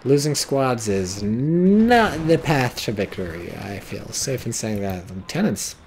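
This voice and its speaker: A man with an American accent giving casual play-by-play commentary on a strategy game, excitable, swearing and yelping at big plays. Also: medium pitch, unhurried, slight background noise.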